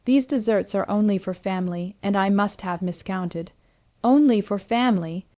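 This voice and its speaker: A cold, dismissive grandmother, voiced by a woman narrating a story speaks in a falsely sweet, offhand way. The voice is mellow and close, with a dry sound. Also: mid-range voice, normal speed, dry recording, lightly acted. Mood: coldly sweet.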